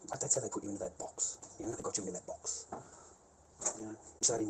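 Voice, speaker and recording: A man's voice: lowish voice, fairly even intonation, fast talker. A man with an Australian accent ranting in a rambling, profane way, repeating himself and laughing between lines. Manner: swears constantly, repeats himself, laughs mid-sentence. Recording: noisy background hiss.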